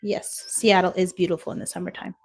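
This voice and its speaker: A woman's voice: on the low side, level tone, brisk, darkish tone, slightly rough. Woman, 30s, from Washington State; casual phone live-stream host, chatty, reads comments, laughs easily. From Washington State, USA.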